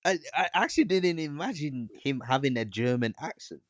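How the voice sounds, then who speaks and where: A man joins a casual live stream chat as a guest, reacting readily to the host. His pitch swings widely and animatedly, and his voice sounds dry and close. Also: lively intonation, no echo, highs cut off. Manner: reactive, quick to agree.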